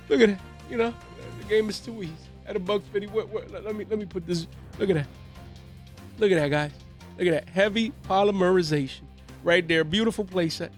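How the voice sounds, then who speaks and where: Hype host, man, slangy and excitable, a bit higher voice, faint music bed. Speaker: card market channel host. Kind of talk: hyped market commentary. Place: home.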